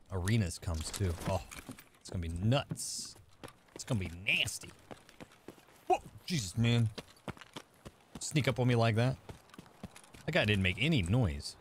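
A man streaming a game live, chatting casually with viewers and thinking out loud as he plays. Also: medium pitch, a little hiss or hum. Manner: chatty, thinking aloud, talking to chat. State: out of breath. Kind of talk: casual live-stream chat while gaming.

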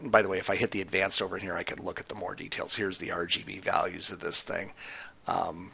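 A man casually talking through a software tutorial, explaining each click with frequent fillers. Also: low-pitched, gravelly, slightly rough. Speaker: tutorial presenter. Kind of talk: screen-recorded software tutorial.

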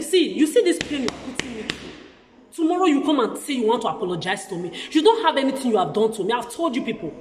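A woman's voice: sits high, very animated, fast talker, a little mellow. A woman in an agitated vlog rant to camera, talking in heated bursts with stammering restarts and repeated words. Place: lives in the country she describes as where she'll age. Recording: echoey room with long reverb.

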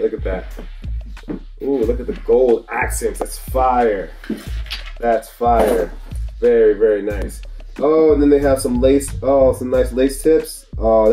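Male vlog host, warm mellow tone, casual slangy unboxing patter, roomy echo. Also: mid-range voice. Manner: upbeat, slangy, repeats his praise.

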